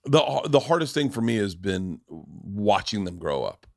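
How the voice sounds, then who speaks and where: A man's voice: lowish voice, unhurried, creaky, dry recording, clean studio sound. A man in his forties, a podcast host, telling family stories in casual chat, swearing freely and acting out the people in them. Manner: profane, animated storyteller acting out family members.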